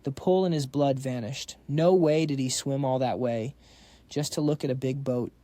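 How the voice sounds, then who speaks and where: Mellow man narrating a comic recap. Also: medium pitch, moderate pace, no echo. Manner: casual slangy storytelling, reading all the parts himself.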